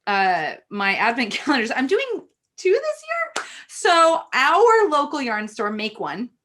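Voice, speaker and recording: A woman's voice: fairly high pitch, wildly swooping pitch, measured pace, fairly bright tone. A woman, an opera singer co-hosting a casual chat, who talks in a gushing, rambling way.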